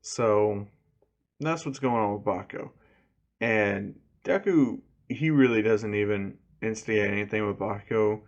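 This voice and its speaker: A man's voice: on the low side, a little slow, lo-fi sound. A man casually retelling a fan story, rambling with lots of "you know" fillers.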